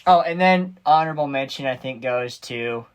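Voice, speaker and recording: A man's voice: mid-range voice, normal speed, clean tone. A man hosting a podcast in casual chat, laughing often and acting out movie lines. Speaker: podcast host.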